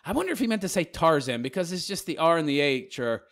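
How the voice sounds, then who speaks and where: A fast-talking man rants casually to camera, answering critics in a mocking, sarcastic tone. His voice sits a little high and swings widely in pitch. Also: sing-song, fairly bright tone. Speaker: video commentator replying to comments.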